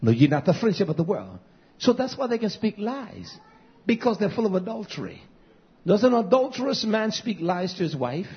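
A man preaching a fiery sermon as pastor, dropping to low mutters and rising to shouted, high cries. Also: sing-song, normal speed, breathy edge. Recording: dull lo-fi sound.

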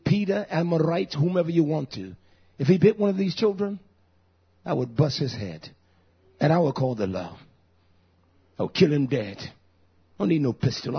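A man in his fifties preaching a fiery sermon, breaking into shouts. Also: a little high, vocal fry, husky. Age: 50s. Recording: dull lo-fi recording.

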